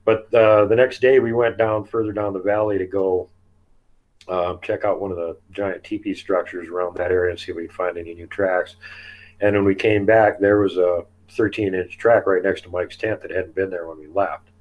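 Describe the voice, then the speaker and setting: Chatty man with a lowish voice. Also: fairly even intonation, moderate pace, a little mellow, rough recording. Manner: chatty, laughs often, acts out quotes. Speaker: guest telling field encounters. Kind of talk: casual storytelling interview.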